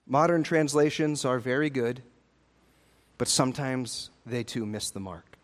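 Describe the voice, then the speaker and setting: A male pastor preaching a sermon in a church, emphatic, rising to loud urgent peaks and dropping to low, slow, hushed lines. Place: church sanctuary.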